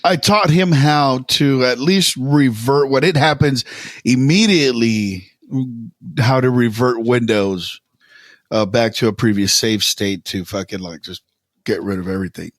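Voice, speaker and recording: A man's voice: medium pitch, unhurried, no room sound, studio quality. A man co-hosting a podcast in casual chat, laughing often, swearing and restarting his sentences. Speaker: podcast co-host.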